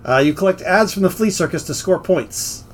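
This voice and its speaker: A man with a somewhat high voice talks his way through a casual podcast, rambling and restarting his sentences. A faint hiss of noise sits under the recording. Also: animated, moderate pace. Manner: chatty, rambling with fillers and restarts. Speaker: game store podcast host. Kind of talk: casual chat.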